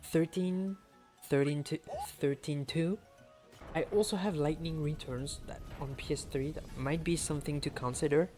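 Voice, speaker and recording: A man's voice: on the high side, moderate pace, darkish tone, faint music behind. A man from France with a French accent, chatting casually and laughing often as he streams a speedrun. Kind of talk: casual live-stream commentary.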